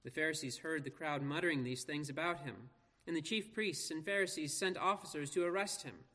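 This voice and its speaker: A man pastor reading scripture aloud and preaching in an earnest, measured way with slow emphatic pauses. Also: a little high, bright, forceful tone. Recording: long reverb of a large hall.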